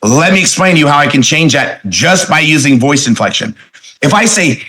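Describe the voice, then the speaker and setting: Emphatic man training salespeople, bright voice. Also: fairly high pitch, very animated, quick pace, low-quality recording. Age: 40s. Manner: emphatic, with many rhetorical questions; plays with inflection, stretching key words. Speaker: network marketing speaker trainer. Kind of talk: motivational training talk.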